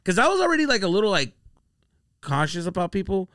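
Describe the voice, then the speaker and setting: A man on a comedy podcast telling a story casually, acting out his friends' lines with big jumps in pitch. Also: fast, dry recording, studio quality. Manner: animated, acts out quoted friends with sudden jumps in pitch.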